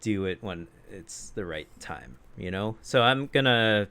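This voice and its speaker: A man's voice: fairly low pitch, lively intonation, a little slow, gravelly, pushed and bright, clean tone. A man co-hosting a podcast, telling a profane, laughing story about a rude customer in casual chat. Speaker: podcast co-host.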